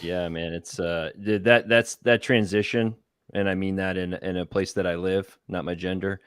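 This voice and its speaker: A man's voice: low-pitched, steady tone, clean tone, no room sound, clean studio sound. Rambling man from Southern Illinois. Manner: loose, rambling, halting. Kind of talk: casual chat on a livestream.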